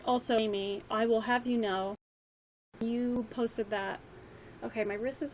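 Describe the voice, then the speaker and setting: A woman's voice: a little high, fairly even intonation, unhurried, a little mellow, slight background noise, poor audio. Chatty young woman rambling on a livestream. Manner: rambling, chatty, lots of ums and likes. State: slightly losing her voice. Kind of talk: casual livestream chat.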